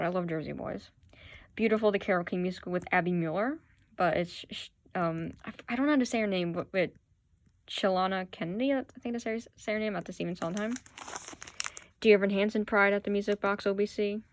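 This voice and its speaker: With a mid-range voice and a little hiss or hum on the audio, a woman gives a casual phone-camera chat. She's showing off her playbill collection and gushes like a true fan.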